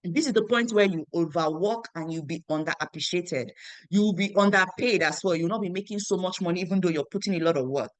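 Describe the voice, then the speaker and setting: There's no echo as a young woman with a fairly low pitch and fairly quick pace delivers a motivational story about her business. Leading a network marketing team, she's animated, repeats phrases and acts out the quoted conversation.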